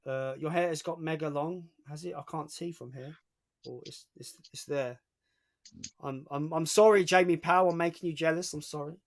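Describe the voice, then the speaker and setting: A man's voice: fairly high pitch, steady tone, moderate pace. A young man hosting a livestream in casual chat, reading out viewer comments as he talks. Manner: chatty, reads out viewer comments. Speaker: livestream host.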